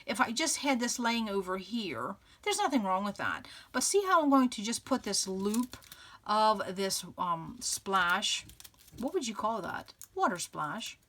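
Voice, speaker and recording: With lively intonation and a measured pace, a woman with a medium-pitched, fairly bright voice walks through a casual crafting tutorial. She hosts a scrapbooking channel and keeps up upbeat chatter as she works, laughing often and thinking aloud.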